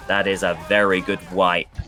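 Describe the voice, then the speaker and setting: A man casting a live esports match, chatting loosely with many fillers while he fills the pauses. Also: low voice, monotone, bright, forceful tone. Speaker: esports caster.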